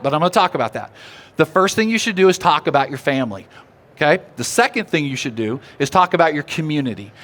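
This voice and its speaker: A man giving a live seminar talk, animated and drawing the audience in with questions. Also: fairly high pitch. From Oklahoma. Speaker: seminar speaker. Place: seminar room.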